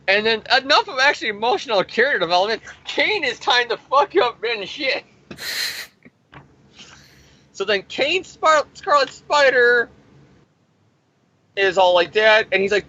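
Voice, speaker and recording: A man's voice: high-pitched, expressive, moderate pace, sharp tone. Profane, sarcastic male comic reviewer. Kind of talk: casual profane comic recap. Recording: dull lo-fi recording.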